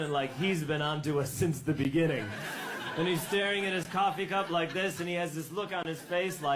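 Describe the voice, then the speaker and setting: A man doing stand-up, telling a long story with lively delivery and sung snippets. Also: on the high side, background noise. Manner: animated, sings song snippets. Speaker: stand-up comedian.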